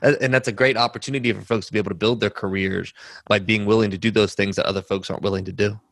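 A man's voice: lowish voice, steady tone, very fast, vocal fry, no room sound. A man hosting an interview, thoughtfully reflecting on what his guest said and often checking in with "right?". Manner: thoughtful, affirming, frequent "right?". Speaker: podcast host.

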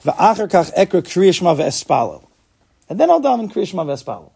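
Gravelly-voiced man teaching a Talmud class. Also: sits high, big pitch swings, a little fast, darkish tone. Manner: explains step by step, asks and answers his own questions.

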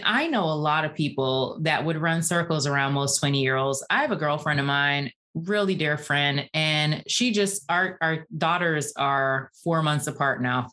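A woman's voice: deep voice, a bit bright. A woman in her forties, a guest on an interview podcast, talking passionately and at length in a casual, chatty way. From Atlanta area, USA. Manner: passionate, talkative, uses "y'all". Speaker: guest, physical therapist.

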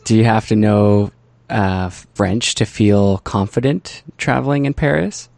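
Relaxed male interviewer, low dry voice. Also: creaky, no room sound. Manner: relaxed, friendly, quick affirmations. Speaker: podcast host. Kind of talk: casual interview chat.

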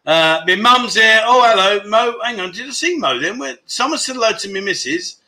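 A man's voice: high-pitched, expressive, moderate pace, pushed and bright. A middle-aged man with a British accent, hosting a casual livestream chat and bantering cheekily with his viewers. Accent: British English. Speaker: livestream host.

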